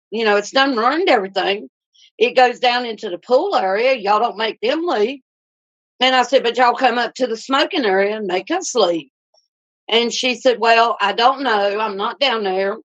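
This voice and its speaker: A woman's voice: on the high side, a bit bright. A woman tells a customer complaint in a casual, indignant way, often quoting what she and the staff said. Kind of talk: casual spoken account. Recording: dull lo-fi recording.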